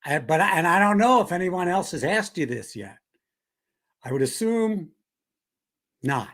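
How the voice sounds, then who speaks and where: Teasing man with a lively, bouncy voice. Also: high-pitched, unhurried. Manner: teasing, playful ribbing. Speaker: co-host. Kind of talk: casual chat.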